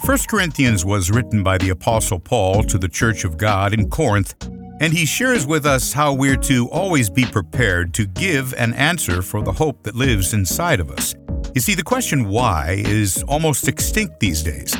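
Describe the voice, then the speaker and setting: A man's voice: mid-range voice, very animated, normal speed. Male radio announcer over music. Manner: smooth promotional read. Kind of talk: scripted announcement.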